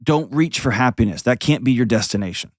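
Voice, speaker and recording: A man's voice: mid-range voice, lively intonation, fairly quick, dry recording, studio quality. A man hosting an advice call-in show, talking bluntly and painting vivid scenes as he coaches a caller. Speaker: host.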